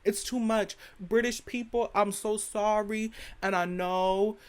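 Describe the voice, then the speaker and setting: Speaking slowly in a steady, mid-range voice, a young podcast host airs her opinions in a casual rant. She's sassy, dramatic and blunt, swears freely, and keeps calling the listener "girl."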